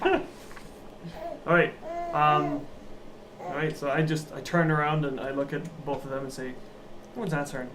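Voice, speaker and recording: A player talking through moves in a tabletop game, quick and eager, on a noisy home recording. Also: mid-range voice, steady tone. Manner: quick, eager, self-interrupting.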